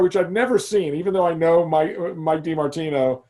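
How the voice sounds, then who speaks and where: A middle-aged man, a guest in a casual interview, tells long stories in a rambling way and often restarts his sentences. His voice sits a little high for a man. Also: moderate pace, slight background noise. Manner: rambling, animated storyteller with many restarts. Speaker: guest, animation creator.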